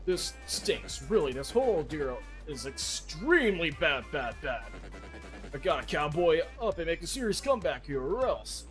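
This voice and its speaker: A man voicing a big, boastful male monster king in a gruff, bragging way. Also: fairly high pitch, very animated, moderate pace, soft background music.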